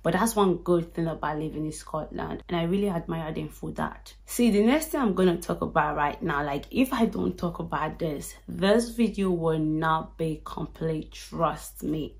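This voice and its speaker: A woman with a Nigerian accent, chatting straight to her viewers in an animated, casual vlog. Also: deep voice, moderate pace, vocal fry, hardly any pauses. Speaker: YouTube vlogger. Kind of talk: casual direct-to-camera vlog.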